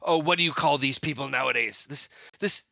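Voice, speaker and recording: A man voicing a rambling, pompous, scatterbrained old male sage who shoots up into high indignant outbursts. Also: sing-song, normal speed, pushed and bright, no echo, highs cut off, heavily acted. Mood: scornful.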